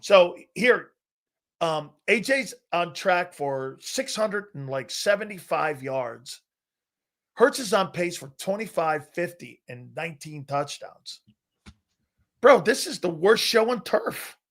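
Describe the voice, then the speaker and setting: A young man with a notably high voice co-hosting a sports talk show. He talks in slangy, challenging bursts, tossing out statistics to push back on his partner. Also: very animated, a bit bright. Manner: challenging, slangy, quick to cite stats. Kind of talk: casual sports debate.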